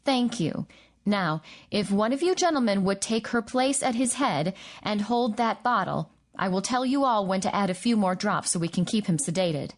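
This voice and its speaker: A woman reading the part of a calm woman doctor who gives steady orders in an audiobook. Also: medium pitch, normal speed, close to an everyday voice. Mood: commanding.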